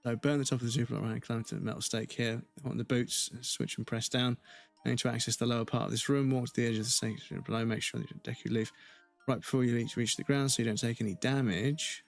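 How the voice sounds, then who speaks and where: A man's voice: mid-range voice, fairly even intonation, quick pace, gravelly, soft background music. A man streaming himself playing a video game, chatting casually, swearing freely, laughing often and drifting into rambling asides. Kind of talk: casual gameplay livestream chat.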